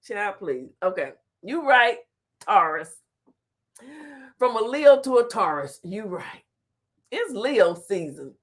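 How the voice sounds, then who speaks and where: A woman's voice: medium pitch, slow, long pauses. A woman hosting a casual livestream, reading the chat aloud and laughing often. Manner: animated, laughs often, talks back to chat. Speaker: talk show host reading live chat.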